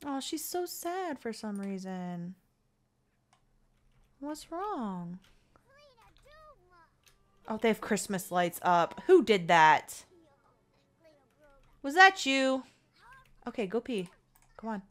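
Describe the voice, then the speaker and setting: A woman casually commentating her own gameplay, chatty and excitable, pleading with the dice and cooing at the characters. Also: medium pitch, slow pace, long pauses. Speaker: gaming channel host. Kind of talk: casual let's-play commentary.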